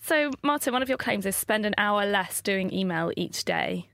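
Chatty woman podcast host, gravelly edge. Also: medium pitch, animated, normal speed, a bit bright, dry recording, studio quality. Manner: chatty, upbeat. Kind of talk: podcast hosting.

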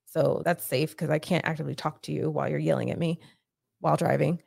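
A woman's voice: low voice, fairly even intonation, fast, gravelly, darkish tone, slightly rough, no echo, studio quality. A woman as a podcast guest, retelling a painful family story in a blunt, profane way with rising urgency. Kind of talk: emotional personal storytelling.

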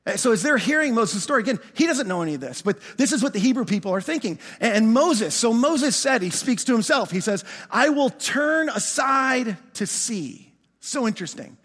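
A man preaching a sermon as pastor, animated, often restarting words and asking his congregation questions. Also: high-pitched, fast, hardly any pauses, long reverb tail.

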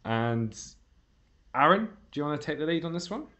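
A man's voice: a little high, big pitch swings, moderate pace, pushed and bright. A man hosting a casual football fan podcast. He talks in a reflective way and steers the conversation. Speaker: podcast host.

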